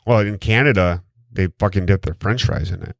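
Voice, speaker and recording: Male podcast host, low-pitched, irreverent and crude, dead dry room. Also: brisk, creaky, no echo. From Wisconsin, USA. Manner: crude, joking, reads quotes aloud. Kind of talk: casual podcast chat.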